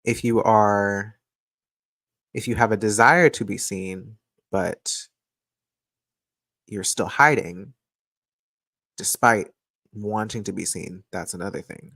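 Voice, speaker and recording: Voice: low voice, slow pace, pauses often, fairly bright tone, dry recording. A person giving casual astrology and tarot readings on a live stream, chatty and playful, talking close to a microphone. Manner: playful, chatty, laughs often. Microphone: desk microphone, close.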